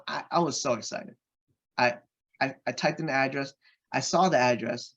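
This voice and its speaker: A man, a podcast guest, telling a personal anecdote in an animated way and acting out the voices of the people in it. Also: medium pitch, measured pace, creaky, pauses often, breathy edge. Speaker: podcast guest, real estate investor.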